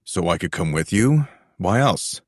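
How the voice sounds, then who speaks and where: A woman reading an audiobook, voicing a gruff, irritated young man who snaps and demands. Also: rumbling low, lively intonation, unhurried, darkish tone, no echo, studio quality, pitched below the performer's own voice, exaggerated voice. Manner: snapping, demanding.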